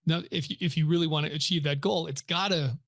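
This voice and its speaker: A man's voice: fairly high pitch, steady tone, fast talker, vocal fry, a bit bright. A man hosting a podcast, introducing the episode and asking conversational, probing questions. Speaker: podcast host.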